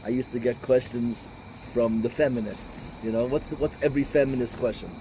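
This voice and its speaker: A man's voice: mid-range voice, normal speed, background noise. Combative man giving a rabbi's talk. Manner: combative, animated, peppered with Yiddish and Hebrew words. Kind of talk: informal lecture with storytelling.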